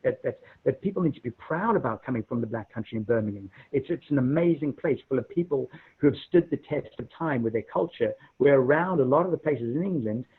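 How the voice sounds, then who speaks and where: A man's voice: medium pitch, breathy edge. Man on a muffled call. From South Africa. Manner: animated, repeats words when starting. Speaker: guest, minister. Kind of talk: casual storytelling chat. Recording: muffled phone-like call audio.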